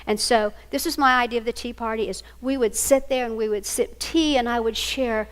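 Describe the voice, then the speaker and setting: A woman's voice: a little high, steady tone, a little fast, hardly any pauses. An older woman giving a storytelling talk to single parents, homey and anecdotal, acting out family dialogue. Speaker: speaker at a single-parent ministry event.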